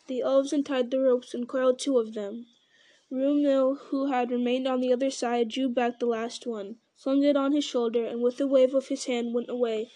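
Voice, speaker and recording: A woman reading a fantasy novel aloud at a steady pace, with occasional slips and repeated words. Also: sits high, no room sound. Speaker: reader.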